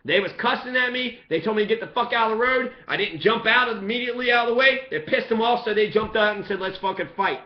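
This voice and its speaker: A man's voice: very high-pitched, quick pace, few pauses. A man in an angry, profane, repetitive rant about the police. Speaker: resident speaking out on police. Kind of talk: impassioned ranting monologue. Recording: echoey, dull lo-fi sound.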